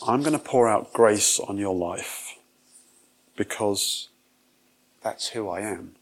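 A man's voice: on the low side, slow pace. A man giving a conversational sermon, acting out quoted voices as he retells a parable. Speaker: preacher.

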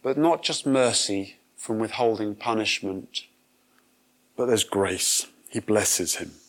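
A man's voice: fairly low pitch, slow pace. A man giving a conversational sermon, acting out quoted voices as he retells a parable. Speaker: preacher.

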